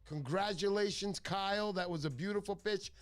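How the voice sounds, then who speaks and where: A man hosting a casual fishing livestream, chatty and excitable, thanking viewers by name. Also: high voice, moderate pace. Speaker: livestream host.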